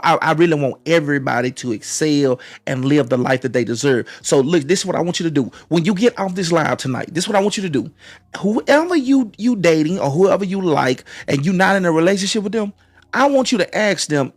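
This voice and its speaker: A man's voice: a little high, no room sound. A man hosting a live stream, giving relationship advice in a preachy way, repeating phrases and restarting often. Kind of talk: motivational live-stream talk.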